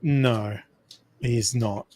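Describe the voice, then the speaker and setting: A man's voice: medium pitch, fairly even intonation, very slow, warm tone. An Australian man with an Australian accent, joking irreverently in casual chat. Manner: joking, irreverent, laughs a lot.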